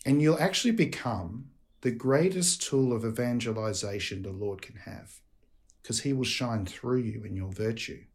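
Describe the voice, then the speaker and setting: A man's voice: mid-range voice, moderate pace. A man with an Australian accent, a priest speaking earnestly as a podcast guest and leading a closing prayer. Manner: earnest, addresses listeners as friends.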